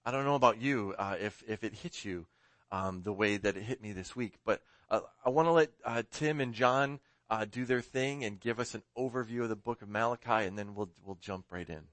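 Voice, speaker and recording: A man's voice: lowish voice, a little fast, a bit bright, no echo. A man preaching a sermon, casual and rambling, often correcting himself and laughing along with his own story. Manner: rambling, self-correcting, chuckling. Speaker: pastor.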